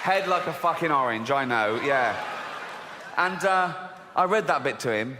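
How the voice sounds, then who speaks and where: Guy doing standup, high lively voice, jumps all over, crowd laughing behind. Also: unhurried, in a large hall. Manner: sardonic, sweary asides, jumps to high squeaky outrage. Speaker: stand-up comedian. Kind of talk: stand-up comedy reading a children's Bible. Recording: live show, audience laughter and crowd noise.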